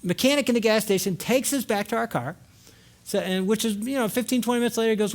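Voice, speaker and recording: A male conference speaker telling a story in a sermon, animated, acting out scenes and shouting at the peaks. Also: high voice, fast talker.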